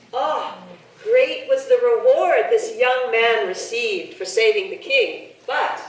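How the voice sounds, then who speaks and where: A woman telling a folk tale to a live audience, playful and lively, bantering with listeners. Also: a little high. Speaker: storyteller. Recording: echoey hall from far off.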